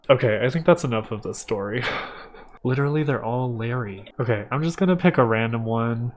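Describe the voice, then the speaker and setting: A man reads fanfiction aloud for laughs in an everyday mid-range voice. He keeps breaking off to make wry, sarcastic jabs at the writing, and his delivery stays casual and deadpan. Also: medium pitch, moderate pace, long pauses, a little hiss or hum. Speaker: YouTuber reading fanfiction. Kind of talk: comedic reading with commentary.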